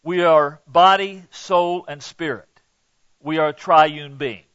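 A man's voice: a little high, slow, a bit bright, clear, resonant tone, no echo, muffled recording. A male pastor preaching a sermon in an earnest, emphatic way, acting out quoted lines.

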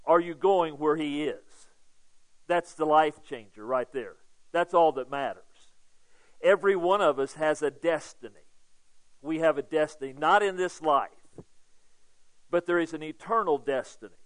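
Preaching man, a bit high-pitched. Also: unhurried, pauses often, fairly bright tone, poor audio. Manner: conversational preaching, frequent "okay?" check-ins, swells in volume for emphasis. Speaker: pastor. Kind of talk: sermon.

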